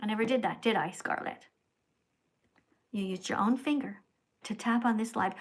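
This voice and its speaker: A middle-aged woman hosting a livestream, reading paid chat messages aloud and lecturing the sender in a preachy, scolding way, dropping to hushed whispers and rising to loud outbursts. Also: mid-range voice, normal speed, pauses often. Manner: preachy, scolding, repeats the commenter's name. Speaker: livestream host.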